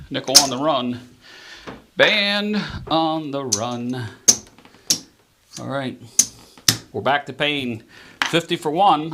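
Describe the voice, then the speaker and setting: A man's voice: mid-range voice, background noise. Chatty man calling dice rolls live. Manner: chatty, talks straight to viewers, jumps in excitement when dice land. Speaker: host of a live craps stream.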